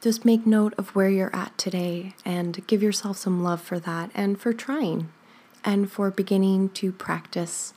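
Slow, soothing woman guiding breathing. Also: mid-range voice, steady tone. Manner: slow, soothing counting with soft whispered stretches; gentle encouraging asides with light laughs. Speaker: breathing instructor. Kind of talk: guided breathing exercise.

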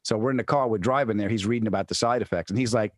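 Husky man telling a wild story. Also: racing, dry recording, studio quality. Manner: acts out friends' voices, shouting in high pitch. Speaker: guest comedian and actor. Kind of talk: animated storytelling in casual chat.

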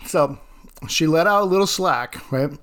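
A man's voice: fairly high pitch, a little slow, a bit bright. A man who teaches art, hosting his own podcast and telling a classroom story in a casual way, laughing often.

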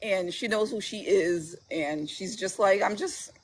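Woman author guest, husky tone, chatty and quick to laugh, casual interview talk. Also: medium pitch. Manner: chatty, laughs often while telling stories. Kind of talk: casual chat.

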